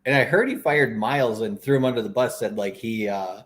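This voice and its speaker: A man co-hosting a casual crypto chat, relaxed and rambling, leaning on fillers. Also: medium pitch, a little fast. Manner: relaxed, rambling, fillers like "what do you call it". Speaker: co-host.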